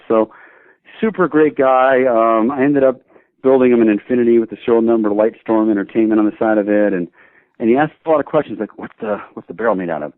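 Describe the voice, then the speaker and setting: A man tells a lively story and slips in his own and others' lines as he goes. His voice sits in a middle register. It comes through thin and phone-like, with no room around it. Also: medium pitch, no echo. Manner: animated, acts out both sides of the dialogue. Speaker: guest, shooting instructor. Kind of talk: casual anecdote storytelling. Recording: dry, tinny phone-like audio.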